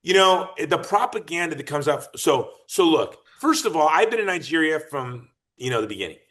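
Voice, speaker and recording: A man talking as a podcast guest in an emphatic, argumentative way. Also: a little high. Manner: emphatic, argumentative, lively and fast-shifting. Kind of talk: animated political talk.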